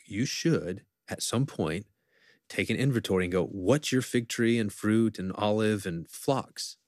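A low-pitched man talks in an earnest, reflective way, like a professor in conversation. His scripture quotes come slowly. The recording is dry and close. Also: no room sound. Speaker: professor, podcast guest. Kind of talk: conversational interview talk.

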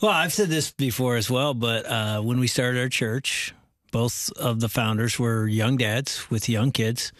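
A man's voice: medium pitch, unhurried, a bit bright, dry recording. Conversational male pastor, dry sound. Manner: affirming, conversational. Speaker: pastor, co-host. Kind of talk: casual faith discussion.

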